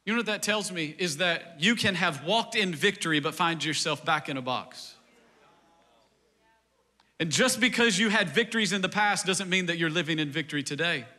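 A man's voice: a little high, expressive, normal speed, bright, forceful tone. A man pastor preaching a sermon in a conversational style, acting out quoted dialogue and building to a fervent climax. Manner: frequent "like" fillers.

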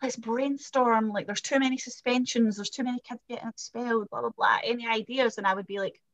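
A middle-aged Scottish woman chatting as a podcast guest, telling animated stories with acted quotes and swearing. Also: on the high side, a little fast, dry recording. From Scotland. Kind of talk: casual chat.

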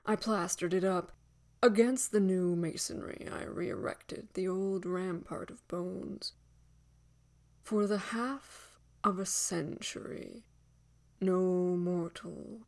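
A woman giving a dramatic gothic story reading, measured, dropping to hushed whispers and swelling to loud declarations. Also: lowish voice, creaky.

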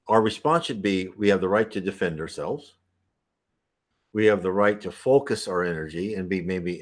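A man hosting a talk that answers viewer questions, speaking in a relaxed, rambling way, restarting sentences and clearing his throat. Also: fairly low pitch. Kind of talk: casual spoken advice talk.

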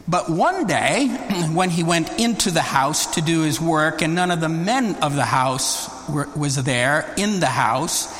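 Slow, emphatic preacher in a hall. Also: male voice, a little high, a bit bright. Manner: emphatic, rising exclamations, slow deliberate delivery. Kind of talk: Bible teaching sermon. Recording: long reverb of a large hall.

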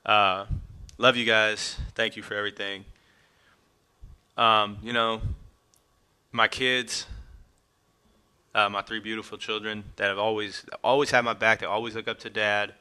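A man's voice: fairly low pitch, little pitch movement, a little slow, long pauses, bright, forceful tone, clear, resonant tone. A middle-aged man hosting a podcast, talking casually and emotionally as he speaks straight to his family and friends. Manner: emotional, casual, addresses loved ones directly. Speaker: podcast host. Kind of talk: heartfelt podcast monologue.

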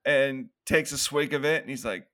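With a medium pitch, a moderate pace and a slight brightness, a man co-hosting a podcast laughs his way through retelling horror film scenes, quoting characters in put-on voices for a casual movie review.

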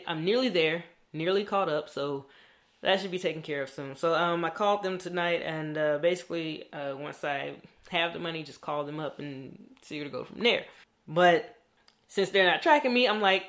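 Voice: mid-range voice, a bit bright. A young adult vlogger talking in a candid, rambling diary style and swearing freely. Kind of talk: casual diary vlog.

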